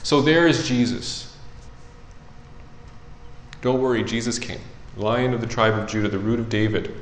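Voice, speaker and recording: A man preaching in a loose, conversational way, dropping almost to a murmur and then rising to emphatic, louder passages. He reads scripture aloud between his own asides. His voice sits at an ordinary middle pitch and rings in a reverberant room. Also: measured pace, slight background noise. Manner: conversational, swings between soft and loud. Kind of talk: sermon with scripture reading.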